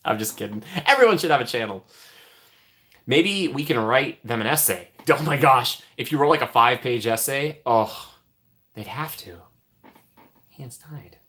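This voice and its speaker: A man's voice: mid-range voice, lively intonation, a little slow, pauses often. Chatty young man hosting a live stream. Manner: chatty, laughs often, trails off into soft mumbles. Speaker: livestream host. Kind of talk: casual live-stream chat.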